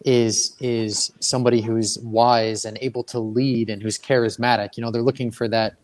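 A man's voice: mid-range voice, level tone, moderate pace. A man in his own plain voice co-hosts a faith podcast. He talks casually and stretches key words out for emphasis. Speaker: podcast co-host.

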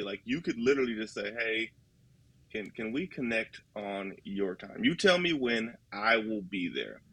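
A man's voice: mid-range voice, creaky, pushed and bright, rough recording. A man in casual podcast talk about ministry, earnest and folksy, acting out little dialogues. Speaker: ministry leader guest.

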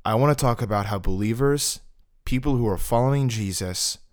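A man's voice: mid-range voice, brisk, darkish tone. A young man hosting a casual podcast, joking and laughing with his co-host. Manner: joking, mock-whispered prayers, bursts into laughter.

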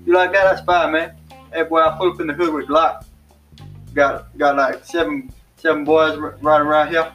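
Dude doing a cocky swaggering slang guy, kinda high voice, far from the mic. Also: little pitch movement, moderate pace, a bit bright, highs cut off, soft background music, lightly acted. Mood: boastful. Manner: exaggerated, boastful, repetitive.

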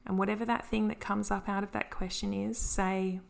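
A woman hosting her own podcast, with an easy, encouraging way of talking. Her voice has a gravelly, fry-edged texture, and her pitch sits in the middle for a woman. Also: little pitch movement, normal speed, few pauses. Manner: gentle, encouraging, earnest. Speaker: podcast host. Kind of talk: solo podcast talk on anxiety and self-care.

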